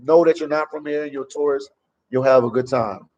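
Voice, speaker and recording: A man's voice: mid-range voice, brisk, a little mellow, highs cut off. A man from Memphis, chatting casually on a travel livestream from a café and answering viewer comments. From Memphis, USA. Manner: loose and talkative, reads and answers viewer comments. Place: a café in El Salvador.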